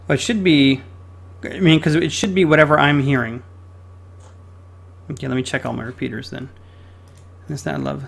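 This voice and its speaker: A man's voice: mid-range voice, steady tone, normal speed, vocal fry, pauses often. A man hosting a casual gaming podcast, chatty and loose, talking while he fiddles with his audio settings. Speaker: podcast host.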